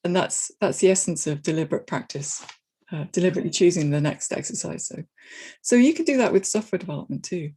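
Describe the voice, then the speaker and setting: Husky-voiced woman, thoughtful coach. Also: on the low side, lively intonation, fast talker, dark tone. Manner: thoughtful, talks in restarts and hedges. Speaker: guest, technical agile coach. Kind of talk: casual interview conversation.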